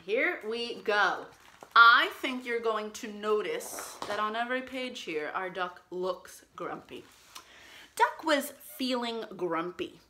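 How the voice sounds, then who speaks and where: A woman reads a picture book to young children, pausing to ask them questions and cheer them on. Her voice is bright and fairly high, and it swoops widely while she takes her time. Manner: animated and encouraging, with playful made-up words. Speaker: children's librarian. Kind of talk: storytime read-aloud for kids.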